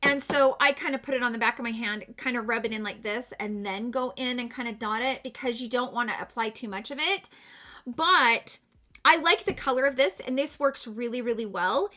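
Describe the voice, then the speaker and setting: Bright-voiced tearful woman chatting. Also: a little high, normal speed. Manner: heartfelt, chatty, addresses viewers directly. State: tearful after crying all morning. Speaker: beauty vlogger. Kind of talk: casual get-ready-with-me chat.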